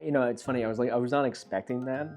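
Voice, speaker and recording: A man's voice: medium pitch, racing, soft background music. A man chatting casually as he reacts to a video, rambling and cutting himself off as he goes. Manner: rambling, self-interrupting, animated.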